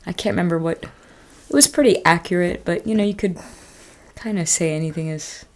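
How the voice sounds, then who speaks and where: A woman chatting casually on a podcast, talkative and quick to laugh. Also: on the low side. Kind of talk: casual chat.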